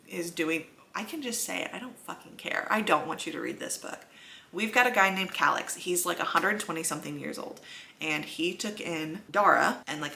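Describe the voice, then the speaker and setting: A woman's voice: on the low side, gravelly, pushed and bright. A young adult woman talking bluntly, with some swearing, in a casual book vlog. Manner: blunt and profane. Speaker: book vlogger.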